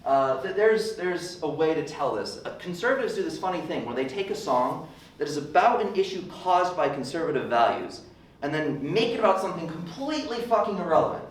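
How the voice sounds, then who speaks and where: A young man working through a loose, self-deprecating stand-up set in a lively, swooping voice. He sounds a bit high for a man. The mic sits well back in a very echoey room, with a faint hiss underneath. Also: brisk, distant mic. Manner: rambling, self-deprecating, puts on ranting voices. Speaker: stand-up comedian. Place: club open mic room.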